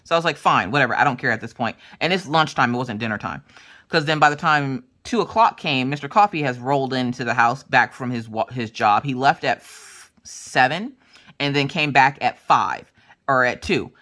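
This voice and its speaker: Animated woman host, low voice that swings widely, chatty home storytelling. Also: moderate pace. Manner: animated, acts out family members' voices. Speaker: craft channel host. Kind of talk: casual storytelling chat. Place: home craft room.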